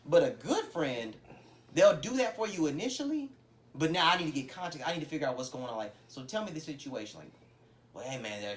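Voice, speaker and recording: A man co-hosting a casual podcast, talking in slangy, animated style and acting out his friends' voices. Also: a little high, fairly quick. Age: adult, has a son. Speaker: podcast co-host. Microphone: podcast microphone.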